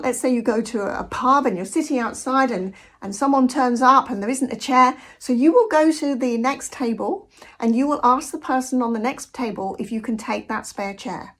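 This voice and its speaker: A British woman talking in a direct, conversational monologue, telling anecdotes from her own life. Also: fairly high pitch. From Britain. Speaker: vlogger. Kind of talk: casual reflective monologue.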